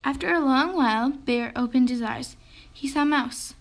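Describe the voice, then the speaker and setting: A woman reading a children's picture book aloud in a gentle storytelling manner. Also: high voice, normal speed. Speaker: storybook reader.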